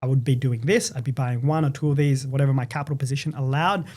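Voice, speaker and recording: A man's voice: medium pitch, fairly even intonation, fast, a little mellow. An Australian man hosting a podcast in enthusiastic, jokey casual chat. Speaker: podcast host.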